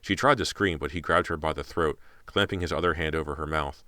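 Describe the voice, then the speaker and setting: A male audiobook narrator reads a thriller in a tense, dramatic way. His voice is exceptionally deep, and the recording is dry and close to the mic. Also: brisk, bright, forceful tone, no room sound. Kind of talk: scripted narration.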